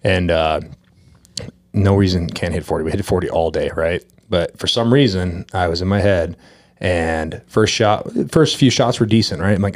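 A man with a low, deep voice chats casually as a podcast co-host. He tells his stories with animated, self-mocking energy and curses freely when he gets fired up. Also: normal speed. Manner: animated storyteller, self-deprecating, swears when worked up. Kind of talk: casual chat.

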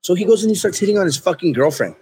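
A man with a somewhat high, husky voice rambles through a comic anecdote as a podcast guest. He swears constantly and keeps the telling loose and animated. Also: racing. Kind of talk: casual comedic storytelling.

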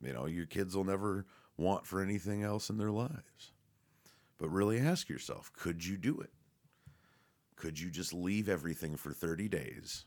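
A man's voice: deep voice, moderate pace, darkish tone. A man rambling casually and profanely, with lots of fillers, restarts and laughs. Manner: laughs often while talking.

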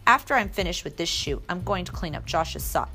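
A woman voicing a calm, good-humored father in a storybook reading, speaking in an unhurried, soothing way. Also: on the low side, soft background music. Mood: reassuring.

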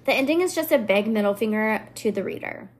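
A woman's voice: mid-range voice, animated, a little fast, lightly acted. A woman voicing a snippy young female book critic with a dismissive Valley Girl drawl. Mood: scornful.

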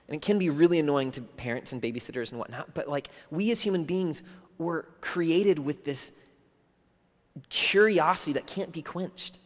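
A man preaching a sermon in an earnest, conversational way, his voice sitting a little higher than most men's. He sometimes sinks almost to a whisper. A long reverb from a big hall trails after his words. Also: normal speed. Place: church hall.

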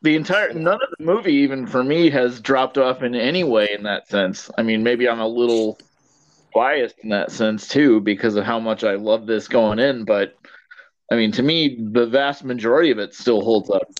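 A man co-hosting a podcast in relaxed casual chat, with hesitant restarts. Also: mid-range voice, normal speed, muffled recording. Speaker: podcast co-host.

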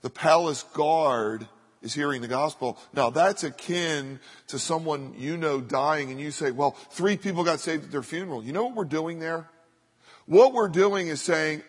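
A man preaching a sermon from the pulpit, his fairly high voice carrying a long reverb through a big hall. He speaks as an earnest pastor, often slowing down and softening to repeat short phrases for weight. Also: slightly rough. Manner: earnest preaching that drops to soft slow repetitions for emphasis.

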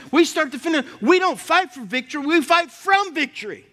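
A middle-aged man preaching an animated sermon as pastor, building to shouts and calling out "come on" to the congregation. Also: very high-pitched, a little fast.

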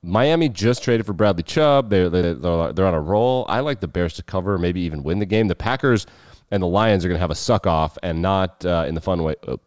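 A man's voice: deep voice, expressive, a little fast, a little mellow, no echo, dull audio. A man hosting a casual sports show, running through football picks in a loose, irreverent way with some swearing. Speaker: sports betting show host.

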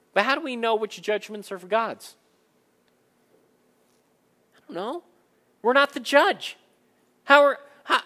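Preacher guy, high bright voice, lively, does little voices for the characters. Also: long reverb tail. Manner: animated, acts out Bible characters in quick asides. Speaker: pastor. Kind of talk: sermon.

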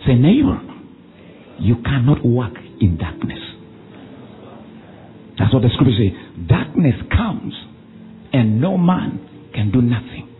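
A man preaches with call-and-response commands, his voice leaping high and dropping low. The sound is thin and phone-like, with faint music underneath. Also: animated. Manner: commanding call-and-response preaching, swinging between shouts and low drawn-out lines. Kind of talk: sermon.

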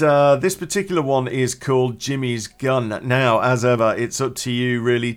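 A man hosting his own storytelling podcast, talking in a rambling, chatty way and laughing at his own jokes. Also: mid-range voice. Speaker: podcast host. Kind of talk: casual storytelling podcast intro.

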